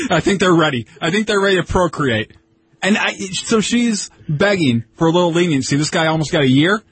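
Husky-voiced male radio co-host. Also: sits high, animated, normal speed, no echo. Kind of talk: casual radio banter.

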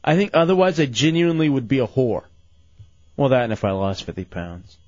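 A man hosting a casual late-night radio show, animated and full of incredulous questions, his voice going hoarse. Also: medium pitch, brisk, dry recording, lo-fi sound.

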